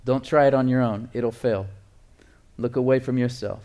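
A male pastor preaching a sermon, emphatic, repeating phrases and reading scripture slowly. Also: mid-range voice, fairly even intonation, dark tone.

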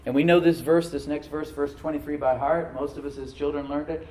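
A man preaching from the pulpit in a somewhat high voice that rises to loud, emphatic peaks and drops to quiet asides. He calls on the congregation to repeat after him. The sound carries a roomy echo. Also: steady tone, brisk, hardly any pauses, far from the mic. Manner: preaching with sudden loud surges and soft asides. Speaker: pastor. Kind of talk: sermon.

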